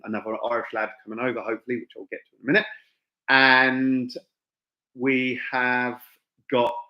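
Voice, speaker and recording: With a medium-pitched, slightly bright voice, the English gym owner and fight promoter, middle-aged, keeps up his informal live-stream chat, wandering into asides and fillers. The recording has a dull, echoey room sound.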